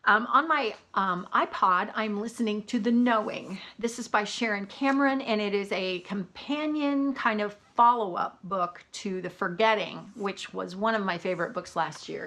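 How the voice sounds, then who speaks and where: A woman's voice: medium pitch, pushed and bright. A woman vlogging about books in a chatty, exclamatory way, laughing often. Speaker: book vlogger. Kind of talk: casual chat.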